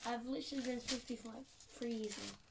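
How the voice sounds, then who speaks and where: Aussie teen girl vlogging while she cleans her room, talks fast, whispers a bit, phone mic a way off, hissy. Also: fairly high pitch, fairly even intonation, gravelly. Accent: Australian. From Australia. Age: teens. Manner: rambling, fast, self-mocking, often drops to a whisper. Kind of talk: casual chatty vlog while tidying her room. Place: bedroom. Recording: distant phone mic with background hiss.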